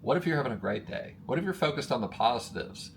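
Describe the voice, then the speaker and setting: An emphatic male coach with a mid-pitched voice, speaking straight to camera with rising energy. He addresses his audience as friends and pushes each point hard. A faint hiss of noise sits under the recording. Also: fast, gravelly. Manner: energetic, emphatic, gets worked up. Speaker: motivational coach. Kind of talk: motivational talk to camera.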